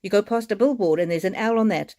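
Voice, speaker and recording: A woman's voice: mid-range voice, fast talker, warm tone. A middle-aged woman giving a live-streamed oracle card reading in a tender, soothing and emotional manner.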